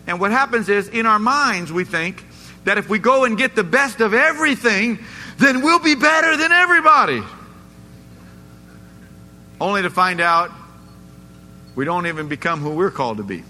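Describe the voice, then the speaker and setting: Male pastor, sermon, emphatic, questions the congregation, high pitch, ringing church echo. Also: animated, moderate pace, pushed and bright. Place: church sanctuary. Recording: echoey church hall, faint noise.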